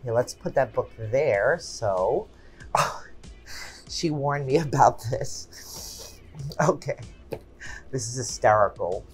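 A woman's voice: very deep voice, slow, pauses often, darkish tone, faint music behind. A woman in her forties hosting a craft channel, chatting casually and exclaiming often as she unboxes gifts at home.

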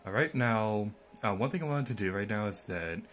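A man's voice: lowish voice, expressive, moderate pace, a bit bright, faint music behind. Rambling young man narrating gameplay. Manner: rambling, filler-heavy, mildly sarcastic. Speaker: gameplay commentator. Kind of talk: let's play commentary.

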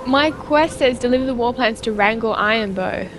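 High-voiced giggly woman gaming. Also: moderate pace, background noise. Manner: giggly, joking. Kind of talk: casual gaming chat.

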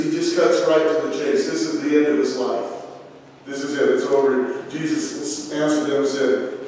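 A man preaching in a big church, earnest and emphatic as he repeats his points. His voice sits at a middle pitch and rings with a long, heavy echo. He is caught from far off, with faint room noise behind him. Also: darkish tone. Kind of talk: sermon. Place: church hall.

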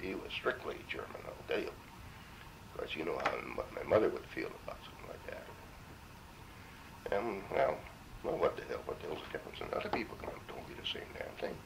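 A man's voice: extremely low pitch, a little fast, creaky, noisy background. A man in his seventies from Minnesota, a war veteran telling his story in an oral history interview, salty and full of cursing. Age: 70s. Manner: salty, profane, animated storyteller.

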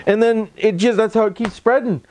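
A man's voice: high-pitched, steady tone, a little fast, a little mellow. A Canadian man with a Canadian accent doing a casual voice-over for his vlog, folksy and rambling, full of catchphrases and tag questions. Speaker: vlogger. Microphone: microphone put on for voice-over.

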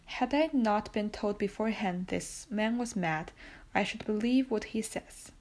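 A woman reading the lines of a dismissive male prison inspector, keeping her own soft, gravelly voice. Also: medium pitch, unhurried. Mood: curt.

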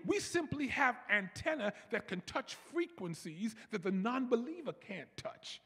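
A man preaching a sermon as pastor, animated and repetitive, calling on his congregation to answer back. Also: sits high, normal speed, few pauses, slightly rough, long reverb tail. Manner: animated preaching, repeats words, leads congregation call-and-response. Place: large church.

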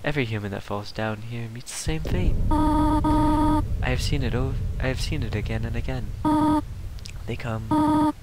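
A man voicing a stern, motherly female goat monster from a video game, reading her lines slowly and softly over the game's music. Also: medium pitch, wildly swooping pitch, noisy background.

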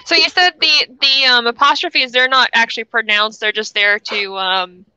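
A woman with a bright, sharp tone chats casually, asking clarifying questions and adding light jokes. Her delivery is relaxed and conversational. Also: a little high, normal speed, muffled recording, a little hiss or hum. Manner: chatty, asks clarifying questions, light joking. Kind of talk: casual chat.

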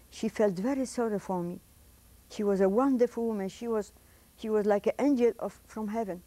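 An older woman, a Holocaust survivor, gives oral history testimony indoors in an interview setting, her voice mellow, dry, mid-range and a little fast, with no room sound. She tells her story emotionally, reenacting her own pleas, and speaks English with non-native grammar.

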